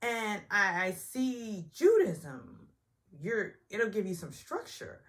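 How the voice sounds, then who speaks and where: A woman casually recapping a reality show, chatty and opinionated, often mimicking people in higher voices. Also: very animated, slow pace. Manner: chatty and opinionated, acts out quotes in high voices. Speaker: recap vlogger.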